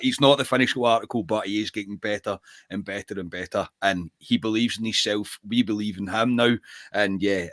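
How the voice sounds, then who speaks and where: A man's voice: lowish voice, fairly bright tone, dry recording, clean studio sound. A man hosting a football podcast, talking earnestly and building with enthusiasm as he praises players. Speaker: podcast host. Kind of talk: casual football chat.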